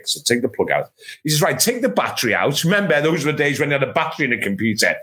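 A middle-aged man from England, a football journalist on a podcast, telling a long anecdote with animated asides and exasperated re-enactments. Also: mid-range voice, very fast. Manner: animated storytelling, acts out his own exasperation.

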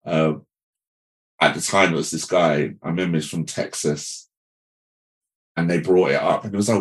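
A man with a very low voice hosts a casual podcast chat. He tells stories in an animated way, full of "um"s, and acts out what other people said. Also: normal speed, long pauses. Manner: animated storytelling with acted-out quotes and many fillers. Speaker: podcast host.

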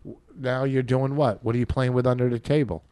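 A man's voice: medium pitch, fairly even intonation, fairly quick, dark tone, clear, resonant tone, dry recording. A man hosting a podcast, teasing and goading his co-host crudely. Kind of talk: casual comedic chat.

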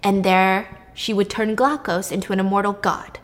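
A young woman casually retelling a myth, lively and irreverent, with casual swearing. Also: mid-range voice, normal speed. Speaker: storyteller.

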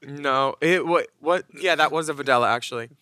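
Man, podcast co-host, sassy bawdy quips, high voice, dry close sound. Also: brisk, sharp tone, no room sound. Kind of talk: casual chat.

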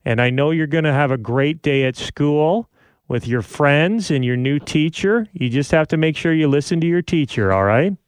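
A man's voice: on the high side, lively intonation, normal speed, clean tone, no room sound, clean studio sound. A man in his thirties hosting a casual podcast as a father, tender and often laughing, a little choked up.

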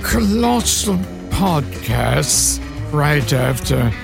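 A man announcing a show bumper in a drawn-out, exaggerated way. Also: fairly high pitch, big pitch swings, vocal fry. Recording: announcement with guitar music.

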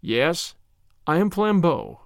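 A man's voice: fairly high pitch, wildly swooping pitch, slow, gravelly, no echo, studio quality, heavily acted. A man voicing a bold male master thief in an audiobook of a classic story, who poses as a priest, then mocks and gloats. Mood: quietly menacing. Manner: mocking and triumphant.

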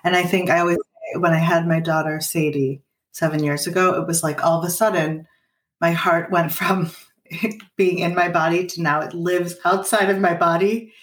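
Woman in her 30s, parent coach. Earnest and gently coaching, lower register, recorded in a roomy space off-mic. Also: steady tone, moderate pace, distant mic. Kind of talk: advice in a podcast conversation.

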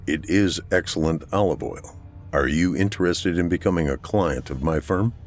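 A man voicing a guarded male art thief who speaks in a calm, measured and mocking way. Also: deep voice, faint music behind. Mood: polite.

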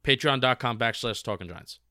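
A man from the United States co-hosting a podcast, chatting casually and reading a sponsor plug with quick, jokey energy. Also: mid-range voice, pushed and bright, dry recording, studio quality. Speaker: podcast co-host.

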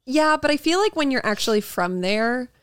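A podcast co-host chats casually, telling stories and laughing often. Her high-pitched voice is expressive and a bit bright with a clean tone, at normal speed. The clean studio recording has no room sound.

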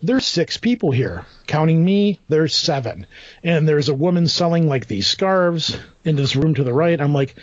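A man's voice: fairly high pitch, moderate pace, dry recording, dull audio. A man telling a long rambling anecdote in casual talk, acting out what people said. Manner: rambling, animated anecdote with quoted asides. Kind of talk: casual storytelling.

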